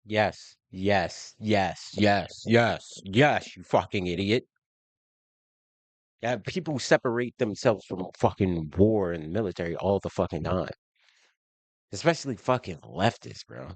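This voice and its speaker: A man from Baltimore giving heated, profane reaction commentary, incredulous and quick to laugh, in his basement on a faulty home mic. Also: fairly low pitch, no echo. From Baltimore, USA. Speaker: reaction video host.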